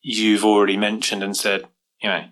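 A man hosting a casual interview, speaking in a reflective, measured way. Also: lowish voice, completely flat delivery, a bit bright, poor audio.

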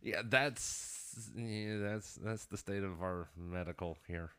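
A man's voice: on the low side, takes it slowly, pushed and bright, smooth. A man hosting a podcast, telling stories in rambling, profane casual chat and laughing often. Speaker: podcast host.

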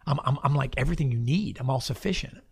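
A man walking through a Bible passage in a relaxed teaching chat, often repeating and restarting his phrases. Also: mid-range voice, fast talker, gravelly, slightly rough. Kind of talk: casual Bible discussion.

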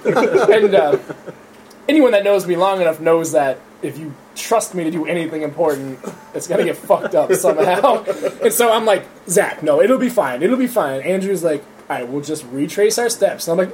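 Young man, high voice, profane laughing storyteller, casual chat, light background hiss. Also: moderate pace, darkish tone. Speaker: storyteller among friends.

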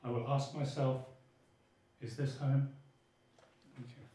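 A man reads his poem in an earnest, lyrical way, his voice pitched at an ordinary middle height. The room around him adds a noticeable echo. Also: little pitch movement, slow pace, heavy background noise. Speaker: poet. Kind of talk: poetry reading. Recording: echoey room.

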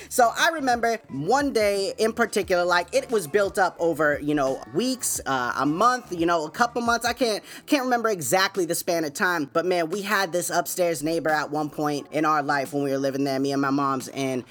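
A man with a high, expressive, fairly bright voice hosts his podcast, telling stories at a moderate pace with hardly any pauses. He's loose and laid-back, chuckling often and sprinkling in "man" and "you know what I'm saying."

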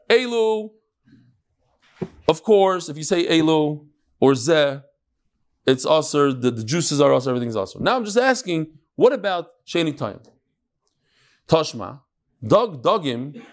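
A middle-aged man giving an informal Talmud lesson, explaining step by step with quick asides. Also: mid-range voice, gravelly. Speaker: Talmud class teacher.

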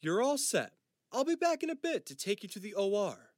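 A brisk, polite hospital orderly with a much higher, lively voice, as a man puts him on in an audiobook. It sounds dry and close to the mic. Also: no echo.

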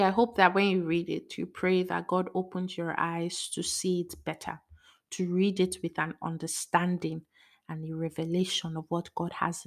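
A young woman hosting a casual faith podcast, excitable and giggly, rambling as she encourages her listeners. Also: on the low side, gravelly. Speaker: podcast host.

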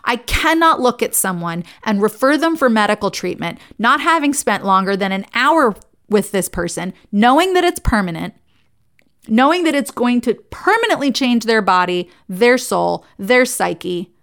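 A woman's voice: on the high side, lively intonation, normal speed, fairly bright tone. A woman who is a licensed therapist, giving an earnest, conversational talk to fellow therapists and telling stories along the way.

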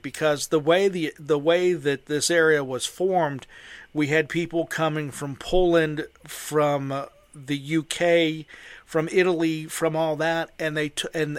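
A man's voice: fairly high pitch, no echo. Older Western Pennsylvania man, chatty. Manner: chatty, enthusiastic, explains at length. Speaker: host. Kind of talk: casual conversation.

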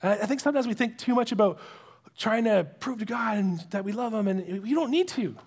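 Male pastor, high-pitched, conversational sermon delivery with hushed asides. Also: brisk, slightly rough. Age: adult with young children. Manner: conversational and earnest, drops to a hush for emphasis.

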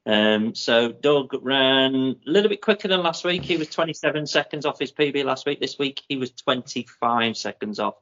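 A man co-hosting a running podcast, working through race results in a steady, methodical way with plenty of ums. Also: medium pitch. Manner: methodical, with many ums and drawn-out names. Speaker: podcast co-host. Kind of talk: casual chat, reading out running results. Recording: muffled lo-fi audio.

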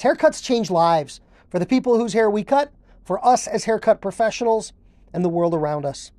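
On her podcast, this woman coaches haircutters in a monologue, repeating phrases word for word with strong emphasis. Her voice is mid-range and the recording is dry.

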